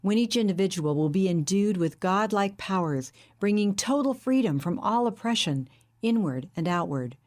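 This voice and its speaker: A woman reading a huge, charismatic male psychic in an audiobook, with a deep, melodious, calm and patronizing manner. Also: natural voice. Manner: calm, measured, intimate.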